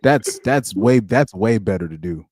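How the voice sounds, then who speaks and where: A man's voice: fairly low pitch, expressive, normal speed, a little mellow, slightly rough, no room sound, clean studio sound. A man hosting a casual podcast chat, laid-back and slangy, chuckling between points. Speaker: podcast host.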